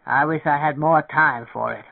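A reader voicing an earnest, dreamy man who talks low and slow, over a tinny, dry radio recording. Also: creaky.

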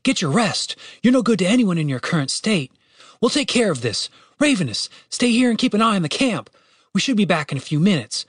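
A man voicing a calm, level-headed young male spellcaster who leads the group, in an audiobook. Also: sits high, brisk, no room sound, clean studio sound, voice pushed up. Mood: commanding. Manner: calm, commanding. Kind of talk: audiobook character voice.

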